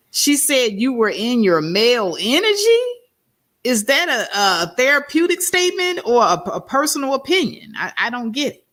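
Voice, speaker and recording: A woman hosts a livestream commentary, questioning what she has just heard. Her voice swoops up and down and sits a little high. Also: sing-song, moderate pace, a bit bright. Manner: incredulous, questioning. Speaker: host.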